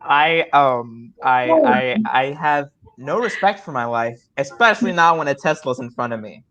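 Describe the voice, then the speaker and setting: On a video call with the high frequencies clipped away, a young improv player with a slightly high voice relates a funny story at a moderate pace. He rambles eagerly and keeps stumbling and beginning over.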